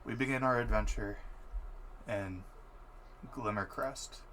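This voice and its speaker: A man hosting and narrating a tabletop game as game master, playful and relaxed. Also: lowish voice, takes it slowly, slight background noise.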